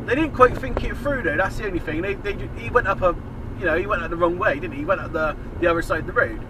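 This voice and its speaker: A man's voice: high voice, fast talker. Sweary ranting man in a car. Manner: sarcastic, sweary, exasperated. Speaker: dash cam vlogger. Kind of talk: ranting commentary while driving. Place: inside a car on city roads. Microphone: dash cam mic. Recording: distant voice over loud road noise.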